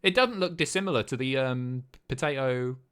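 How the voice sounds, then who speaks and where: A man's voice: mid-range voice, moderate pace, fairly bright tone, clean tone. A man hosting a live stream, chatting casually, swearing and guessing aloud as he reads chat. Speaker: streamer host.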